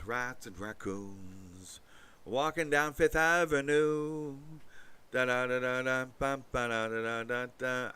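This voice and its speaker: A low-voiced man talking off the cuff as host. His tone is forceful and tight. He rambles, swears freely and fills gaps with ums and uhs. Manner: rambling, profane, many fillers. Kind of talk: casual monologue.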